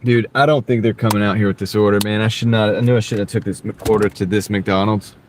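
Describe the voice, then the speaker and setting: There's background noise as this live-streaming delivery driver, with a voice on the low side and a steady tone, talks fast to viewers from his car. He keeps it casual and jokey between orders, wearing a wireless clip-on mic.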